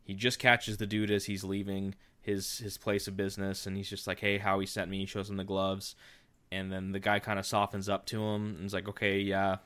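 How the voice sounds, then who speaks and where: Low, smooth-voiced man recapping a story. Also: little pitch movement, fairly quick, a bit bright. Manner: rambling, with frequent fillers and restarts. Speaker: podcast host.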